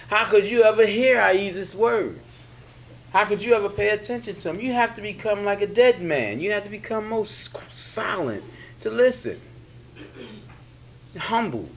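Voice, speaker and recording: A man's voice: high-pitched, fairly bright tone. A man, a religious leader giving a casual spiritual teaching, repeating his points in colloquial speech. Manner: preachy, repetitive, colloquial. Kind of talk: spiritual teaching in a sit-down talk.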